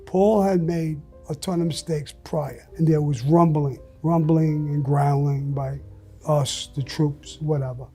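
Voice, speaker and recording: A man's voice: fairly high pitch, steady tone, measured pace, dark tone, faint music behind. An older man telling stories as an interview guest, blunt and profane, acting out what people said. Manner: blunt and profane, acts out quotes. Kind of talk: storytelling in conversation.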